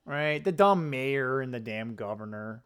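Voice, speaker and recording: Animated man ranting off the cuff. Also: medium pitch, smooth. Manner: rambling, opinionated, fast asides and self-corrections. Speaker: political commentary channel host. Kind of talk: casual political commentary vlog.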